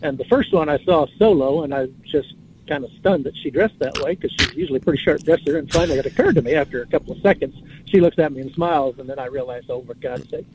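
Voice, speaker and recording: A man's voice: fairly high pitch, quick pace, darkish tone. A man calling in to a radio talk show, casually rambling and spelling out words as he muses. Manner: rambling, musing storyteller who spells out words. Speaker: caller. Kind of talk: casual call-in chat. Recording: tinny phone line with faint hiss.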